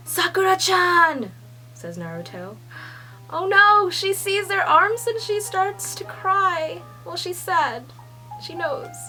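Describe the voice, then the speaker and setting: A young woman reading a manga chapter aloud and reacting with gushing excitement, swearing and laughing often. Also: very high-pitched, takes it slowly, soft background music. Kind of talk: excited read-along reaction.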